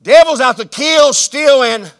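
A man preaching a sermon, swinging between loud emphatic declarations and hushed, drawn-out phrases. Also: very high voice.

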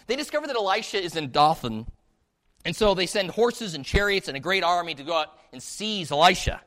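Male pastor, slightly high voice, animated sermon storyteller. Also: quick pace. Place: church sanctuary. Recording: long hall reverb.

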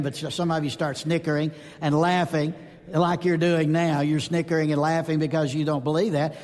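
Preacher with a high voice in a hall. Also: male voice. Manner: animated storytelling, acts out voices in anecdotes. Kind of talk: sermon. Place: church or conference hall. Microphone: speaking to a live audience. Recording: long reverb of a large hall.

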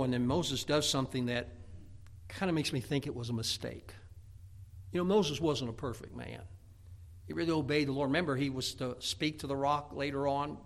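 A man's voice: mid-range voice, creaky. A man preaching a sermon, telling folksy stories and asking for amens. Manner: folksy storytelling, calls of amen.

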